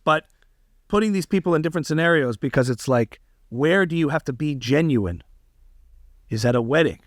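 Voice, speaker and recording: A man's voice: a little high, moderate pace, no room sound, clean studio sound. A man, a comedian guest on a podcast interview, talking animatedly and emphatically. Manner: animated, slips into impressions, emphatic.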